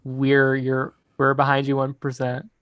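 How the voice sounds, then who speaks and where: A man's voice: medium pitch, monotone, unhurried, fairly bright tone, no echo. A man hosting a podcast in casual, upbeat chat, rambling and laughing often. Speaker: podcast host.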